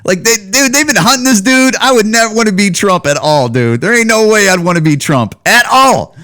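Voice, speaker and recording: A man's voice: high-pitched, lively intonation, brisk, bright, forceful tone. A man hosting a podcast, ranting casually with heavy profanity and rambling asides. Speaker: podcast host. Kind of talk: casual solo podcast rant.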